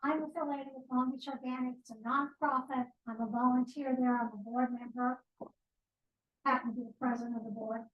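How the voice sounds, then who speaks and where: A woman's voice: high-pitched, fairly even intonation, brisk, highs cut off. A woman speaking as a guest at a team meeting, explaining her nonprofit's work in a plain way with small asides, recorded in an office meeting room by a distant microphone. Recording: echoey room, voice from far off.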